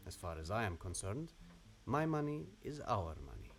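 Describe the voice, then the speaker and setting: An earnest, formal young fiancé with a low voice that rises and falls a great deal. Soft music runs under him in the game audio. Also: male voice, sing-song, normal speed, vocal fry.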